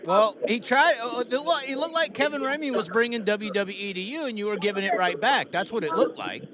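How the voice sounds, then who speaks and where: A man hosting a live stream, chatting casually in an excitable, teasing way. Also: high voice, brisk, crowd noise. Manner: excitable, teasing, laughs often.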